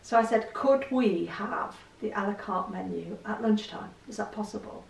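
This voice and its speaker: A woman's voice: medium pitch, normal speed, gravelly, echoey room, far from the mic, rough recording. A middle-aged woman vlogging in a candid, self-deprecating casual chat to the camera.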